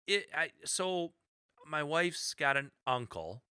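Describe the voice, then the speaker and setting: A man's voice: a little high, animated, slow pace, bright, forceful tone, clear, resonant tone, no room sound, clean studio sound. A man co-hosting a podcast, chatting casually in a giggly, teasing way. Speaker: podcast co-host.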